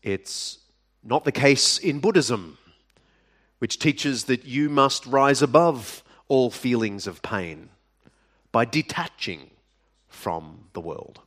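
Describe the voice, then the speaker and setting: A man preaching a sermon, speaking deliberately with dramatic pauses and sudden drops to a hush. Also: mid-range voice, expressive. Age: adult. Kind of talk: sermon to a live audience.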